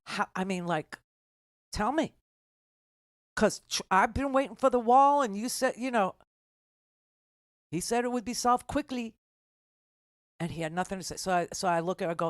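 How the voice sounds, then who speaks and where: A woman's voice: medium pitch, moderate pace, long pauses, dry recording, clean studio sound. An older woman hosting a political talk radio show, telling a story in a rambling, sarcastic way with many restarts.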